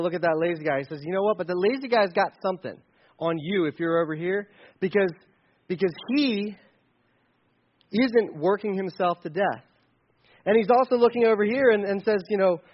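Briskly and in a high voice, a man delivers a conversational sermon on a Bible passage over lo-fi audio. It's casual and rambling, dotted with playful, acted-out examples.

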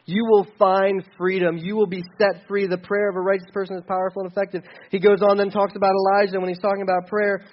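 Male pastor, high voice, casual sermon delivery, lo-fi dull recording. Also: level tone, fast talker, few pauses. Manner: conversational preaching with dynamic rises and drops.

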